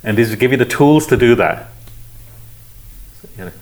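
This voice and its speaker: A man leading a spiritual discussion, explaining calmly with repeated phrases. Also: medium pitch, moderate pace, low-quality recording. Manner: calm, explanatory, repetitive phrasing. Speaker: spiritual teacher. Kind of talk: teaching discussion.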